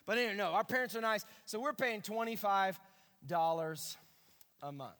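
A man preaching on money management to a live audience, swinging from quiet asides to loud bursts and acting out his listeners' voices. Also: sits high, expressive, moderate pace, long reverb tail. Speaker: pastor teaching personal finance. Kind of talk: lively sermon to a live audience.

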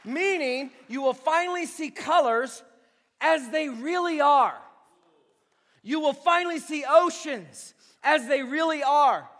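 A man's voice: extremely high pitch, fairly bright tone. A man preaching a sermon as a pastor, speaking with impassioned emphasis. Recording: long reverb of a large hall.

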